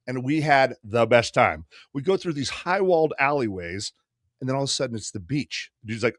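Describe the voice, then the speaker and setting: A man in his fifties, co-hosting a podcast and telling a long story casually, profane and quick to act out other people. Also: medium pitch, no room sound, clean studio sound. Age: 50s. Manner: profane, animated storyteller doing quick voices. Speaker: podcast co-host.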